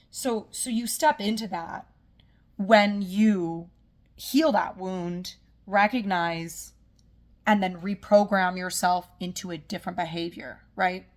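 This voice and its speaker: Woman, healing coach; casual motivational talk, filler-heavy, gently guiding tone. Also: mid-range voice. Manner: casual, full of "like" and "right?"; soothing, guiding the listener.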